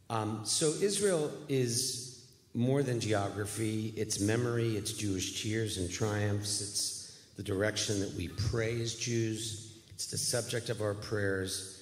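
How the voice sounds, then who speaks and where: A man's voice: on the low side, measured pace. A man, a rabbi giving an earnest, folksy guest speech in a church sanctuary. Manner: folksy, earnest, self-deprecating. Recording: echoey church hall.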